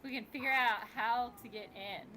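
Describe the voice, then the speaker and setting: A woman's voice: a little high, normal speed, pushed and bright, a little hiss or hum, poor audio. A woman co-hosting a casual livestream, flustered as she talks through a technical problem. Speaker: livestream co-host. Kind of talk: casual group chat on a livestream.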